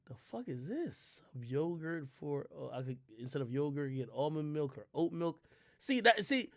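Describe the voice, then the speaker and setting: A man streaming casual commentary, reading a menu aloud and ranting in loud, profane disbelief. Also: on the high side, very animated, moderate pace, no echo, studio quality.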